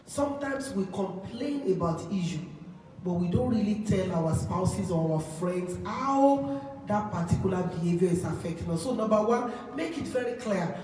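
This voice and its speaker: A woman who is a pastor, teaching in a sermon and laying out her points one by one in a measured way. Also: mid-range voice, expressive, warm tone, a little hiss or hum. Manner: measured, lists points plainly. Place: church hall. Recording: echoey church hall from far off.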